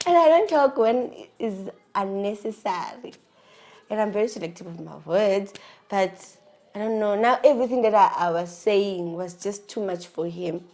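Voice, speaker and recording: A woman's voice: mid-range voice, a little mellow. South African woman telling a personal story. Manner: emotional, confiding, with many restarts. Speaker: vlogger.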